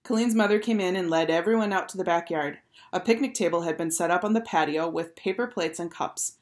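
Teacher reading a children's novel aloud; fairly low, clear, expressive. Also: female voice, fairly quick. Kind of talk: storybook read-aloud.

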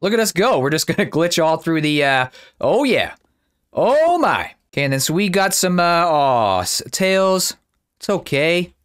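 A man giving casual, excitable commentary while playing a video game, chatty and quick to exclaim, speaking into a desk mic at his computer. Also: fairly high pitch, clean tone. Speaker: gaming YouTuber.

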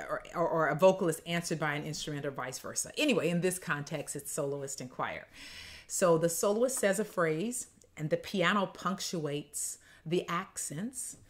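A woman composer and choir conductor, explaining her choral piece in a lively, conversational, demonstrative way. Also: low voice.

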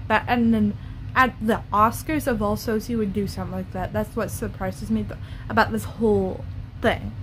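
A woman's voice: mid-range voice, steady tone, moderate pace, slight background noise. A woman YouTuber ranting bluntly and profanely in a casual vlog.

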